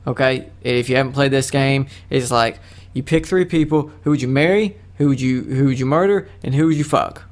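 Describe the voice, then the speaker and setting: A man's voice: mid-range voice, fairly quick. A young man hosting a solo podcast, rambling in a casual, self-mocking way with crude jokes. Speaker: podcast host.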